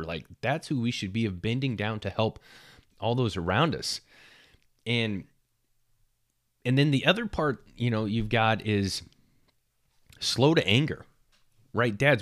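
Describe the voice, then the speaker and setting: A man with a very deep voice talks earnestly on a podcast about being a good father. He stops and restarts often, leaning on fillers and repeating words as he works through his point. The sound is dry, with no room echo. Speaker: podcast host. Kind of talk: casual faith talk on fatherhood.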